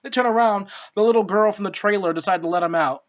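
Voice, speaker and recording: A woman's voice: medium pitch, quick pace. A woman giving a casual spoken film review, ranting in an exasperated, profane way. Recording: dull lo-fi sound.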